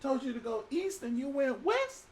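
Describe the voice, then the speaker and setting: A man's voice: extremely high pitch, very animated, moderate pace, pitched above the performer's own voice. A male preacher voicing frightened sailors who scold a runaway passenger, exasperated and colloquial.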